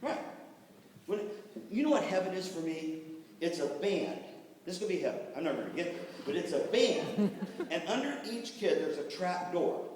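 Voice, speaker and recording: A man giving a lively workshop talk to music teachers, telling jokes and doing quick voices for the people in his stories. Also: sits high, background noise. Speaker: workshop presenter on band administration. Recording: echoey hall, voice from far off.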